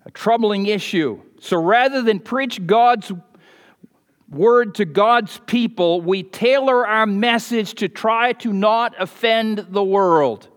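A man preaching a sermon as the pastor of his church, fervent and emphatic, shifting between loud stressed points and quiet asides. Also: high-pitched. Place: church sanctuary with balcony. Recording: long church reverb.

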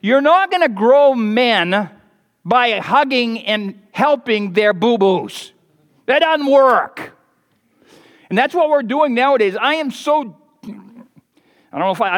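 A man preaching a sermon as the pastor of his church, fervent and emphatic, shifting between loud stressed points and quiet asides. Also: high voice. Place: church sanctuary with balcony. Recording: long church reverb.

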